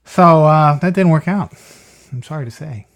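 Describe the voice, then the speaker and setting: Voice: mid-range voice, normal speed. A storyteller reading a picture book aloud to a child, often stopping for chatty asides and questions to the listener.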